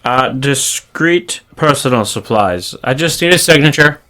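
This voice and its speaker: A man's voice: mid-range voice, lively intonation, unhurried, bright, forceful tone. A man playing a tabletop role-playing game, talking in a playful, joking way. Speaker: player. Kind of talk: casual game talk.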